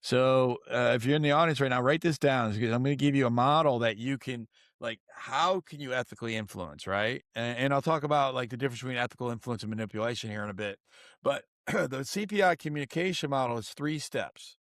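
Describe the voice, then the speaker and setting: A middle-aged man talks with teaching energy, guiding listeners step by step through his ideas. His voice sits at an ordinary pitch and is recorded close and dry. He tells stories in a lively, instructive way. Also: fairly quick, no echo. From United States. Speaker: guest author and coach. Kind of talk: podcast interview, teaching.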